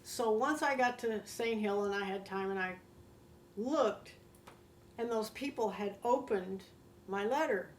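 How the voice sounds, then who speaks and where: An older American woman, a guest, telling her own story with heartfelt, animated feeling. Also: mid-range voice, a little slow, a little hiss or hum. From United States. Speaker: interview guest. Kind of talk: personal storytelling. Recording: roomy echo.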